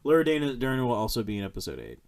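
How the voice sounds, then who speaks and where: A young man hosts a casual podcast chat about a film. His pitch jumps around a lot. He talks bluntly, swears freely, and stays animated throughout. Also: racing. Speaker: podcast host.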